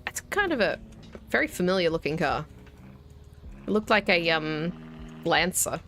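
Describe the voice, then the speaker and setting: A woman's voice: on the low side, very animated, measured pace, fairly bright tone, a little hiss or hum. An Australian woman in her thirties giving casual, wry gameplay commentary and talking herself through each step. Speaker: gaming video host. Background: faint game music and keyboard typing.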